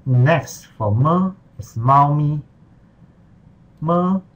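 A man's voice: on the high side, animated, drawn-out words, muffled recording. A man teaching Mandarin in a patient, step-by-step tutorial, walking through the screen in simple, non-native English. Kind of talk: screen-recorded tutorial lesson.

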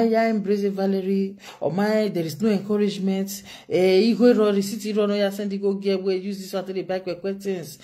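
A woman's voice: mid-range voice, mellow. A woman with a Nigerian accent giving an emphatic commentary monologue as a vlogger, firing off rhetorical questions.

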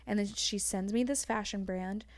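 A woman's voice: mid-range voice, steady tone, dry recording. A young woman talking frankly as a guest in a casual chat, her speech full of "like" fillers. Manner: frank, fast-flowing, heavy use of "like".

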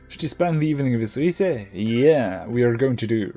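A man playing a role-playing game, reading its dialogue aloud and thinking out loud in a relaxed, halting way. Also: mid-range voice, soft background music. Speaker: let's play gamer.

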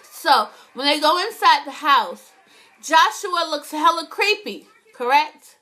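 A young woman vlogging a casual, animated TV recap, swearing a lot and often asking "right?". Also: sits high, takes it slowly.

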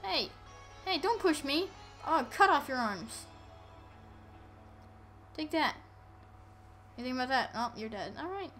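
A high, bright-voiced woman talks through a video game in an unhurried drawl that bursts into excited yells. Faint music plays underneath. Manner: excitable, yelling at enemies, playful. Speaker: gameplay commentator. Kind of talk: casual let's-play commentary.

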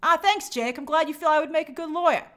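A woman with a somewhat high voice hosts a live stream. She talks emphatically and with animation, reading out viewer comments and answering them in a casual commentary style. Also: fast talker, a bit bright.

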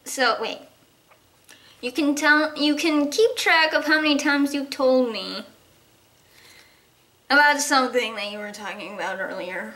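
A woman voices a dry, teasing horse in a homemade toy horse drama. She drops a little below her usual pitch and drawls each deadpan jab slowly. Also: full character voice. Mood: skeptical.

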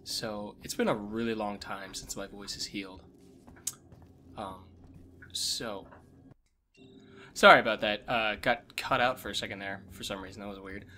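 Hoarse man, gameplay commentary, quiet, coughing, deepish voice. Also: fairly even intonation, unhurried, pauses often, slight background noise. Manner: talks quietly and low, coughs often. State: hoarse, damaged vocal cords. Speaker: let's play host. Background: game sounds and music.

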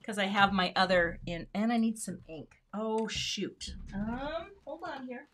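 A woman's voice: a little high, takes it slowly, very noisy. A woman hosting a casual live craft demo, talking herself through each step and murmuring asides under her breath. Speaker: card-making host.

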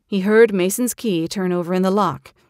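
A woman narrating an audio drama in a measured, dramatic storytelling style. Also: medium pitch, darkish tone, no echo, studio quality. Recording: narration over clear music.

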